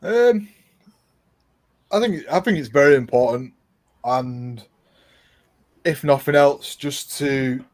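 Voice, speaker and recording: A man talking in a relaxed podcast chat, repeating his phrases as he goes. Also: medium pitch, slow pace, pauses often. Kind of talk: casual chat.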